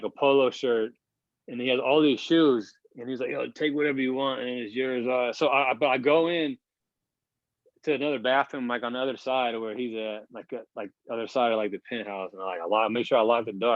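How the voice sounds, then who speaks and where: A man in his thirties, a basketball player appearing as a podcast guest, speaks in a mid-range voice. He rambles casually through a long story, swearing and using plenty of filler words. The recording is dry, dull, and lo-fi.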